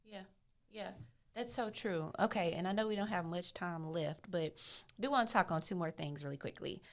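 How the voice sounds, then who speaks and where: A woman's voice: fairly low pitch, normal speed. A woman hosting a podcast in casual conversation, a supportive listener who affirms her guest often. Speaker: podcast host.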